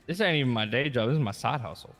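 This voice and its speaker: A man playing a police officer in a roleplay game, joking dryly and flatly refusing requests. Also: medium pitch, fast, soft background music. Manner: dry, deadpan jokes. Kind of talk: casual roleplay banter.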